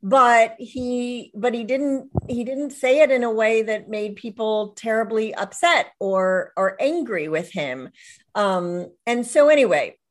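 A woman's voice: on the high side, a little slow. A middle-aged woman, a widowed author, talking in a casual interview in a reflective way, often restarting her sentences. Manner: warm, reflective, with frequent restarts and soft laughs. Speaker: author and guest.

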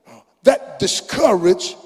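An older man preaching a fervent sermon in a church, rising into shouts and song-like chanting. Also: slow. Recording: long reverb of a large hall.

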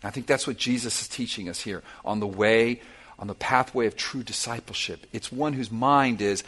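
A man's voice: mid-range voice, moderate pace, fairly bright tone, slightly rough. A middle-aged man preaching a sermon to his church, impassioned and emphatic, driving points home through repetition. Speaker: pastor.

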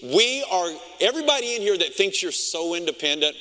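A middle-aged pastor preaching a sermon, telling stories in an animated way and acting out his own reactions. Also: sits high, brisk. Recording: long reverb of a large hall.

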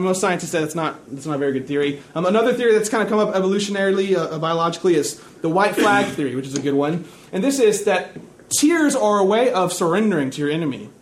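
Young man, high voice, casual sermon, chatty, checks in with the audience, dry self-mocking humor. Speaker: preacher. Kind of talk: conversational sermon.

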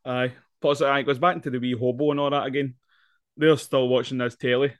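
A man's voice: mid-range voice, fairly even intonation, a little fast, no echo. A Scottish man co-hosting a casual film review chat, swearing and laughing as he talks. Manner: sweary, laughs often, chatty. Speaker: podcast co-host.

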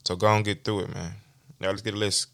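Young man, rapid slangy motivational talk, low pitch, dry close sound. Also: little pitch movement, a bit bright, no room sound. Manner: street slang, repeats "you feel me". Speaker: podcast host. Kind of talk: casual motivational monologue.

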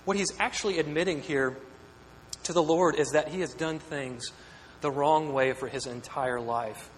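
A man's voice: fairly high pitch, normal speed. A pastor preaching a sermon, earnest and questioning, often repeating words as he builds a point. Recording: echoey hall with long reverb, faint hum.

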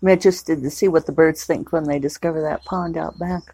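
A woman's voice: low voice, fairly even intonation, fairly quick, dark tone, slightly rough. A woman novelist chatting casually at home in a rambling, digressive way, with plenty of fillers. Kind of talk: casual vlog chat.

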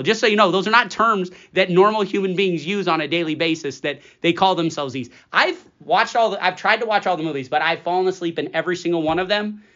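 Host, male, 40s, chatty and rambling, slightly raised pitch, dull lo-fi audio. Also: a bit bright. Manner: chatty, rambling, laughs often. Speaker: podcast host. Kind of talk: casual chat. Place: studio. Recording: dull lo-fi studio recording.

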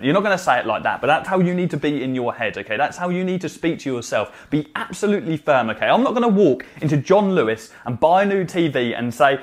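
A man's voice: a little high, sing-song, fast, hardly any pauses. A man giving direct, emphatic coaching advice in a vlog, often adding "okay?" to press a point. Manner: emphatic, repeats "okay?" to drive points home. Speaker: social media marketing coach.

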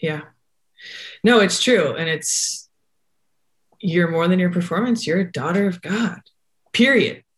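A woman's voice: on the low side, a little slow, pauses often. A woman hosting a casual conversation, responding with encouraging, faith-centred reflection. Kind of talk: casual chat.

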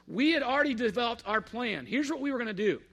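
High gravelly man telling a story. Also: quick pace. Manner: animated, acts out quoted dialogue. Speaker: speaker telling a personal story. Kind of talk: casual storytelling.

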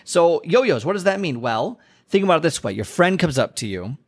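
A man's voice: a little high, sing-song, moderate pace, breathy edge. A young adult man hosting a solo motivational podcast, talking casually and conversationally. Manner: casual, conversational, acts out little dialogues. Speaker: podcast host.

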